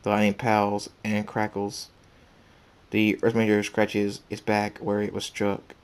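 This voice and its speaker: Low, flat-voiced man reading a story. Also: unhurried, clear, resonant tone. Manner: plain, even reading with restarts. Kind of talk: reading his own fan fiction aloud.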